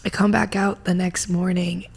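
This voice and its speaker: A young woman from Indiana, a comedian guest in casual chat, candid, self-deprecating and quick to swear. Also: fairly low pitch, little pitch movement, gravelly, darkish tone, husky. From Indiana, USA. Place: room near a street.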